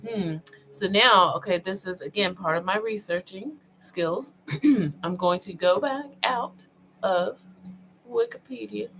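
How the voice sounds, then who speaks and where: A woman vlogger talking casually as she browses online, thinking aloud with many pauses and fillers, and speaking directly to her viewers. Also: lowish voice, fairly bright tone, poor audio. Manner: addresses viewers informally.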